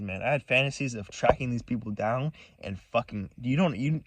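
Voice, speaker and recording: A man's voice: medium pitch, moderate pace, hardly any pauses, fairly bright tone, rough recording. Profane, rambling man telling a story. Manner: agitated, profane, rambling with many restarts. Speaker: vlogger. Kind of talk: casual storytime monologue.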